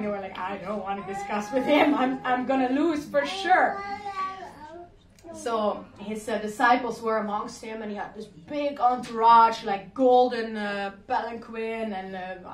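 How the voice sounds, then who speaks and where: A woman's voice: on the high side, background noise. Chatty woman telling a devotional story. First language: Dutch. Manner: chatty, laughing often, casual fillers. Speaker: class speaker. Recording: roomy, distant lecture mic.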